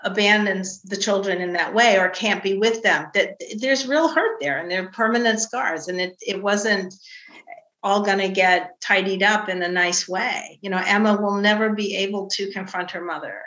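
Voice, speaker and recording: A middle-aged woman novelist talking casually about writing her book, telling stories about her family with animated quoted voices. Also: mid-range voice, moderate pace, reverberant, lo-fi sound. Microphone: video call.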